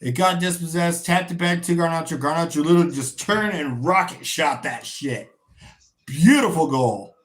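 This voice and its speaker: Tired, swearing football livestream host. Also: male voice, fairly high pitch, moderate pace. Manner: swears freely, bursts into shouting on goals; chants football songs. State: tired, yawning. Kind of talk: casual live match commentary.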